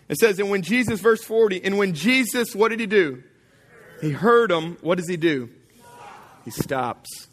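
Casual, emphatic man preaching, with a slightly high voice and a plain-spoken way of talking. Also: animated, moderate pace, fairly bright tone. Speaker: pastor. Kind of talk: sermon.

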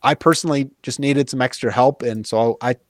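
Thinking aloud as a guest in a relaxed interview, an earnest man explains things conversationally, pausing on fillers and restarting sentences. His mid-range voice sounds dry and close, with no room sound around it.

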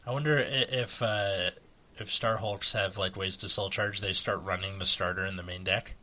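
An American man with a lowish, bright and forceful voice chats casually as a co-host. He rambles along, stopping and restarting his sentences and leaning on fillers. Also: fairly even intonation, normal speed. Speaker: podcast co-host. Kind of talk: casual chat about a card game.

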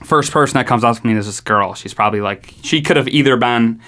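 A man's voice: medium pitch, fast, fairly bright tone. A young man with a New York accent casually telling a story on a podcast, rambling with lots of "like" and swearing freely.

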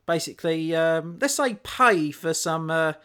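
A man's voice: fairly high pitch, lively intonation, unhurried, a bit bright, clean tone. A man co-hosting a podcast, telling a story in a rambling way, full of fillers and restarts. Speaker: podcast co-host. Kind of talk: casual chat.

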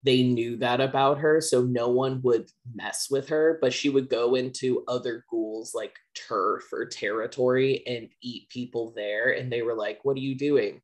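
A man's voice: mid-range voice, steady tone, measured pace, hardly any pauses. A man hosting a podcast, casually retelling an anime plot in a laid-back, profane way. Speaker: podcast host.

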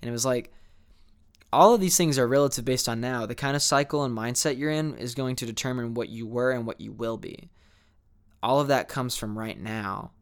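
Young guy vlogging, kinda sleepy, rambling and candid, smooth clear voice. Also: medium pitch, moderate pace. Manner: candid, rambling, many fillers and restarts. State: sleepy, yawning. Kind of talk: rambling reflective monologue.

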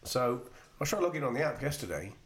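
A man's voice: mid-range voice, big pitch swings, fast talker, fairly bright tone. A man co-hosting a soccer podcast, grumbling and swearing in casual chat from a foam-lined room. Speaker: podcast co-host. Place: soundproofed room with foam walls.

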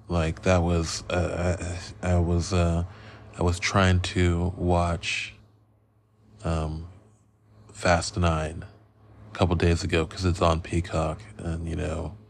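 A man hosting a casual film review podcast, rambling and profane, a bit loopy from being high. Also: monotone, slow, vocal fry, slight background noise. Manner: rambling, loose and profane, goes off on riffs. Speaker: podcast host.

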